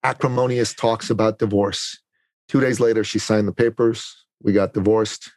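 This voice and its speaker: A man's voice: fairly low pitch, fairly even intonation, normal speed, darkish tone, no room sound. A middle-aged man, a podcast guest, telling a personal story in an earnest, confessional way, often repeating words as he gathers his thoughts.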